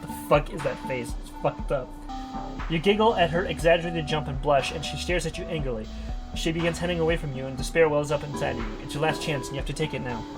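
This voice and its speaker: A man's voice: a little high, fast, over music. A man streaming, reading a text adventure aloud and reacting live, laughing often and swearing in surprise.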